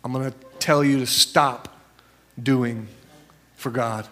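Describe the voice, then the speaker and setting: A man preaching as a pastor tells stories conversationally, leaping into high voices whenever he quotes someone. His intonation stays fairly even, his pace is slow, and his tone is sharp.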